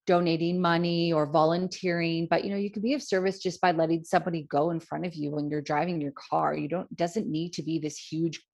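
A woman, co-hosting a spiritual podcast, reflective and gentle, with many "you know" fillers. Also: on the low side, steady tone, a little fast, few pauses. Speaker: podcast co-host, card reader. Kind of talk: casual spiritual chat.

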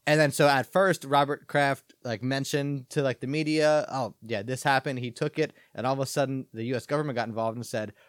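A man's voice: mid-range voice, fairly even intonation, brisk, hardly any pauses, clear, resonant tone, no room sound, studio quality. A man on a podcast telling a story casually, with lots of fillers and restarts. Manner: rambling, filler-heavy. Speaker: podcast co-host.

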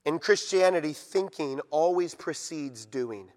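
A man's voice: on the high side, expressive, measured pace. A male pastor preaching a sermon, emphatic and repetitive, pressing the congregation with rhetorical questions. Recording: long echoey hall reverb.

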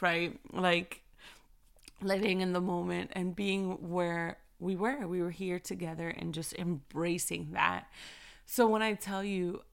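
A woman in her thirties, a mother telling an earnest, animated story about embracing moments with her kids and giving thanks. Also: lowish voice, vocal fry, smooth. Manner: animated, earnest, repeats phrases for emphasis. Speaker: mother sharing faith reflections. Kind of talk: casual inspirational storytelling.

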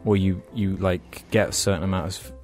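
A man's voice: sits low, steady tone, moderate pace, darkish tone, faint music behind. A man hosting a podcast, reading out viewer questions and musing aloud with tag questions. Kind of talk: casual chat.

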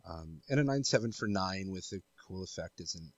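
A man's voice: low voice, animated, normal speed, no room sound, dull audio. A man with a cold co-hosting a podcast, giving hedged, thoughtful analysis in casual chat. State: has a cold. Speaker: podcast co-host.

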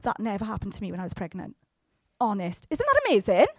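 A woman preaching a sermon in a lively, chatty way, with joking asides and sudden loud bursts. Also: medium pitch, fast talker, dry recording.

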